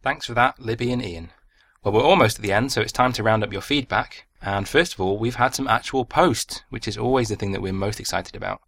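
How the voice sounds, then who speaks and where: A man presents a podcast's feedback segment and sign-off. His voice sits a little low, and the recording is dry, with no room sound. He reads scripted lines at an easy, relaxed pace. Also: no room sound. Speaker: podcast host.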